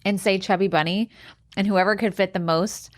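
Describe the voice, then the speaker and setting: A woman's voice: mid-range voice, steady tone, moderate pace, no echo, clean studio sound. Chatty enthusiastic woman podcast co-host. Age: 40s. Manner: chatty, enthusiastic, explains things. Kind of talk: casual chat.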